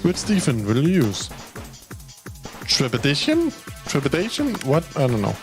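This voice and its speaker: A man's voice: medium pitch, animated, brisk, music in the background. A man from Denmark streaming a game, reading its text aloud and commenting casually, swearing freely.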